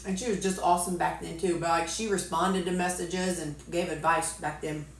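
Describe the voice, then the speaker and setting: A woman's voice: on the low side, fairly even intonation, moderate pace, reverberant. A woman with a Missouri accent, chatting and joking casually while eating, talking with her mouth full. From Missouri, USA. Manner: folksy, joking, talks with a mouthful. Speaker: weight-loss vlogger.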